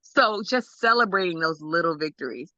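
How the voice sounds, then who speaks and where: Expressive mother telling a family story. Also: on the low side, normal speed, dry recording, lo-fi sound. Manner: expressive, acts out quotes, laughs often. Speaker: guest, parent of an autistic son. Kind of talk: emotional personal storytelling.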